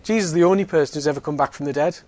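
A man's voice: a little high, rapid-fire, darkish tone. A man giving an evangelistic talk in a chatty style, full of fillers and joking asides. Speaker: Alpha course speaker.

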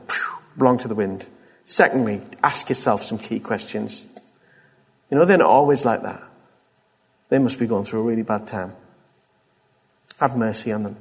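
A man's voice: mid-range voice, gravelly, husky. A man preaching a sermon, exhorting his listeners with fervent repetition. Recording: long reverb of a large hall.

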